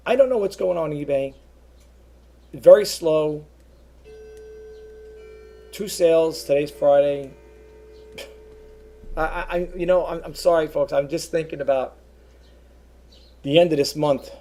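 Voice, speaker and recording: Man, slightly high voice with a gravelly edge, rambling earnest webcam vlog. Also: takes it slowly, pauses often, warm tone, a little hiss or hum. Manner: rambling, repeats himself, earnest. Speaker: eBay seller vlogger. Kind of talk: casual webcam monologue.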